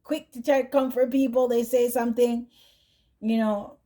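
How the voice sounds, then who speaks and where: A woman's voice: fairly high pitch, fairly even intonation, normal speed, dark tone. A woman doing a tarot reading, chatty and direct, who keeps asking "right?" and adds "mm-hmm" between thoughts. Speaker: tarot reader.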